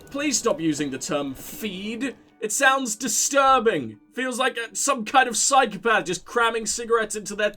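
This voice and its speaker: A man narrating his own playthrough of a detective game, excitable and liberal with swear words. His voice runs high for a man and leaps around animatedly, over faint game music. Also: moderate pace, hardly any pauses. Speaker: let's play host. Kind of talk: gameplay commentary.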